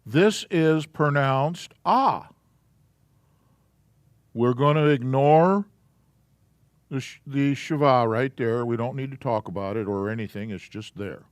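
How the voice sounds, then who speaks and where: A man teaches a live class, taking his time and sounding out each letter patiently. His voice is smooth and clear, sitting a little high for a man, and the sound is dry and close. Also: no room sound. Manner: slow, patient, walking through letters step by step. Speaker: Hebrew alphabet teacher.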